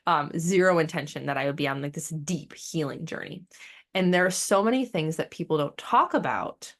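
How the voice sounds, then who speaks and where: A woman's voice: low voice, moderate pace. A woman hosting a spiritual podcast in a casual, blunt way, swearing freely and wandering into sidetracks. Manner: blunt and profane, animated; chatty, with fillers and sidetracks. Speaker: podcast host.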